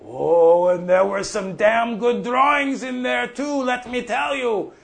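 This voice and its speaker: An actor playing an older farmer off the drink who tells profane, folksy stories. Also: male voice, very high voice, slow pace, creaky, heavily acted. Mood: rambling. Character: older male prairie farmer off the drink, gruff storyteller. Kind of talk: monologue.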